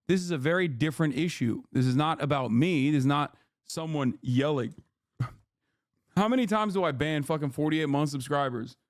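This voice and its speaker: A man's voice: a little high, dry recording, studio quality. A man hosting a livestream, lecturing his chat in an exasperated, profane rant. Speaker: livestream host.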